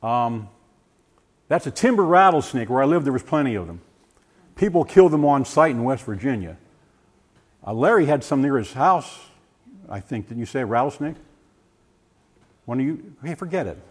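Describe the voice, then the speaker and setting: An older man giving a personal testimony, animated and full of restarts, acting out voices as he tells the story. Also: mid-range voice, moderate pace, long pauses. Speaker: former science teacher giving a testimony. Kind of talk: personal testimony talk to a group.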